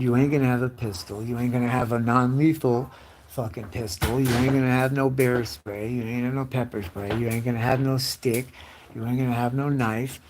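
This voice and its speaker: A man in his late forties rambles through a crude, profane rant, jumping from story to story. He keeps slipping into loud mimicked voices. A faint hiss of noise sits under the recording. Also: medium pitch. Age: 40s. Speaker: live streamer.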